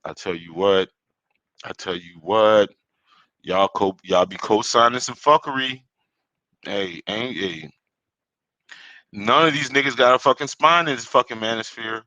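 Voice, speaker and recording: Caribbean-born male podcast host, low forceful voice, angry swearing rant, dull dry lo-fi sound. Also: expressive, measured pace, long pauses, no room sound. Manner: heated, swearing, rambling with repeats. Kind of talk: profane solo rant.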